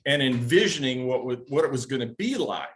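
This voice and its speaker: A man's voice: mid-range voice, expressive, brisk, a bit bright. Man, mid-range voice, earnest, casual storyteller on a video call. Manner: earnest, searching for words. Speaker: caller in a Q&A session.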